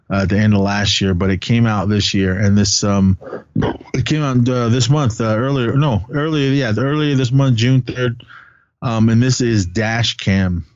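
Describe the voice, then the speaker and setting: A man's voice: mid-range voice, clear, resonant tone, no room sound. A man co-hosting a podcast from home, talking films in a rambling, self-correcting casual chat. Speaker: podcast co-host reviewing films. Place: at home with a child nearby. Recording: dull lo-fi dry recording.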